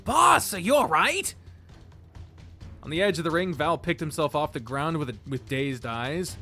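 A man's voice: fairly high pitch, fairly bright tone. Casual man reading a visual novel. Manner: casual, swearing asides.

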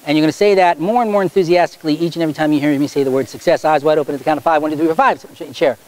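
Stage hypnotist guy at a school show, talks super fast, bit high voice, playful and bossy, goes low and slow for the sleep stuff. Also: steady tone, a little mellow, poor audio. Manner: brisk, playful, commanding with the volunteers; drops to slow, low suggestion when putting people under. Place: high school stage before a student audience.

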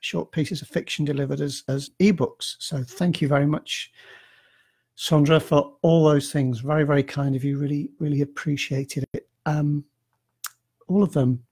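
A man's voice: a little high, steady tone, moderate pace, darkish tone, slightly rough. A man chatting casually on a live stream, answering readers' emails in a rambling, self-deprecating way with lots of fillers and restarts. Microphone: computer mic on a live stream.

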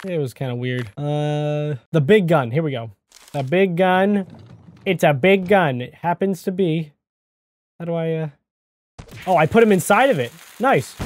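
A man hosting a gaming channel, giving excitable let's-play commentary into a desk microphone, yelping and shouting at surprises. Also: high voice.

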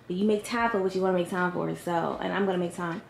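A woman's voice: lowish voice, fairly even intonation, fast talker, creaky, slight background noise. A woman in her late twenties chatting casually to her viewers from her bedroom, full of fillers and stretched-out words. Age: late 20s. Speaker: vlogger. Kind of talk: casual chat to camera. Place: home bedroom. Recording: roomy echo, faint music behind.

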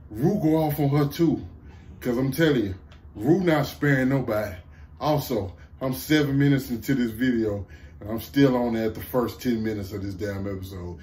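A man with a Southern American accent recapping a TV episode in a casual, excited, profane way, laughing often, slumped low in a seat at home. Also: slight background noise. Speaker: TV review vlogger.

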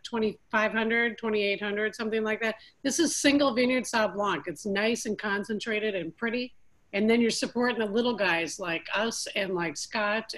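A woman's voice: medium pitch, a bit bright, rough recording. A woman co-hosting a live online wine tasting, talking about the winery in an easygoing way. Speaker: winery co-host. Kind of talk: friendly sales talk at an online tasting.

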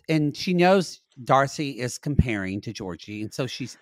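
Dude on a podcast, kinda high voice, wry scene-by-scene recap, dry mic. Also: male voice, animated, a little fast, few pauses, no room sound. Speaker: podcast co-host. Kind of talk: casual chat recapping reality TV.

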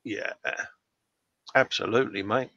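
A man's voice: fairly low pitch, steady tone, unhurried, vocal fry, sharp tone, no echo, dull audio. A man co-hosting a live stream, casually chatting and reading out viewer messages in a jokey, friendly way. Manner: chatty, reads viewer comments aloud in a jokey tone. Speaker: livestream co-host reading chat. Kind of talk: casual chat. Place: home workshop.

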